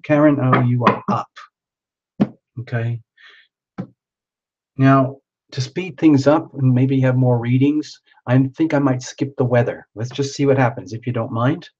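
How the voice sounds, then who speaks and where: In a mid-range voice that's a little slow and a little mellow, a man hosting a live tarot stream chats casually, talks to himself, and reads out viewers' names. The recording is dull and lo-fi, with faint noise in the background.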